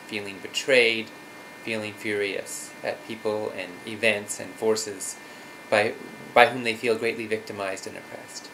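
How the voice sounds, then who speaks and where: Earnest low-voiced man telling a story. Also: vocal fry, fairly bright tone, a little hiss or hum, poor audio. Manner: earnest, reflective, some fillers. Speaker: father telling a personal story. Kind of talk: personal storytelling.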